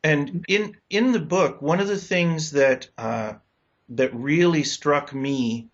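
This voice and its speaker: A man's voice: fairly high pitch, slow pace. A man hosting an interview, asking curious, rambling questions in a casual chat. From United States. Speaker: interview host. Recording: dull lo-fi recording.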